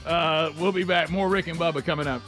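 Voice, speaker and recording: A man's voice: fairly high pitch, steady tone, fairly quick, over music. A middle-aged man hosting a morning radio show, telling stories casually and rambling with many restarts and asides.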